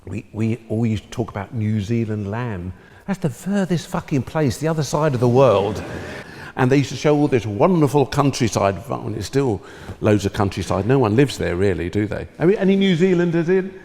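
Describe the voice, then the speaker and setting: A man's voice: medium pitch, animated, moderate pace, creaky, a little mellow, long reverb tail, slight background noise. Laughing, theatrical man. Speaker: television chef. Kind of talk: stage anecdotes to an audience.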